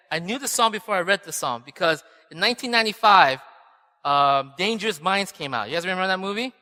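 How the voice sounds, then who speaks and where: Man, 30s, pastor, casual storytelling sermon, bright tone, long hall reverb. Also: high-pitched. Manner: chatty storytelling, often asks "right?". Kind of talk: conversational sermon.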